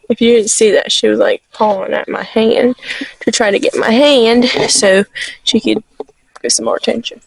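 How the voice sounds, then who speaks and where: Chatty, husky-voiced shepherdess woman. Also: a little high, steady tone, normal speed, no echo, rough recording. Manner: chatty, full of "like", cooing at animals. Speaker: shepherdess vlogger. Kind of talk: casual vlog chat. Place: outdoors in a sheep pen in the evening.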